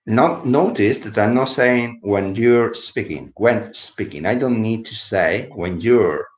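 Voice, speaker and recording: A man's voice: on the low side, expressive, slow. Sleepy man teaching English. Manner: switches between English and Spanish, explaining words. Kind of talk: casual live video lesson. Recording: echoey room, dull lo-fi sound.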